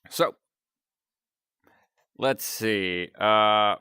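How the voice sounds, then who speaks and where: A man's voice: on the low side, gravelly, bright, forceful tone, clear, resonant tone, no echo, studio quality. A man chatting casually on a live stream, rambling and chuckling between remarks.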